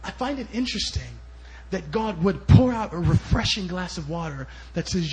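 Guest preacher, man, high-pitched, storytelling sermon with loud and soft swings. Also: expressive, moderate pace, few pauses. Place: church service.

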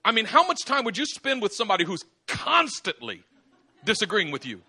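A man preaching a sermon as pastor, acting out little dialogues with laughter and sudden shouts. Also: high-pitched, wildly swooping pitch, fairly quick, breathy edge, a faint crowd. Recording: live church service.

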